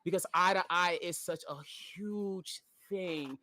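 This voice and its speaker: A man's voice: high voice, takes it slowly, pushed and bright. Emotional, rambling young man on a podcast. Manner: emotional, dramatic, apologetic, rambling. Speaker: podcast co-host. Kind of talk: casual podcast chat.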